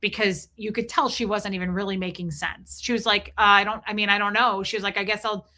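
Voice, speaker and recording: Female streamer, middle-aged, bright tone, loose and emotional, thanks chat between thoughts. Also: mid-range voice, steady tone, a little fast. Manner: rambling and emotional, thanking viewers. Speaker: livestream host. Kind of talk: casual livestream chat.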